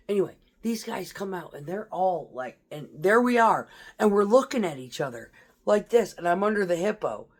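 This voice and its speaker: A woman's voice: medium pitch, sing-song, moderate pace, breathy edge. Blunt, profane woman veteran telling war stories. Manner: profane, blunt, laughs through tense memories. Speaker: military veteran. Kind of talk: casual storytelling.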